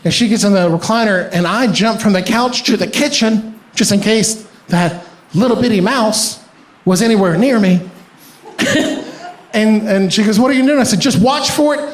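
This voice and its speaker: A male stand-up comedian telling a story on stage in an animated way, laughing as he goes. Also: high-pitched, moderate pace. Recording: echoey room with ambient noise.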